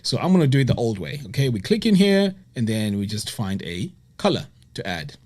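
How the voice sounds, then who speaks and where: Male tutor, animated delivery, direct to viewer, keeps asking "okay?" as he clicks through steps. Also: medium pitch, brisk. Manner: talks to the viewer directly, checks in with frequent "okay?" and "right?". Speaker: web design tutor. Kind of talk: screen-recorded software tutorial.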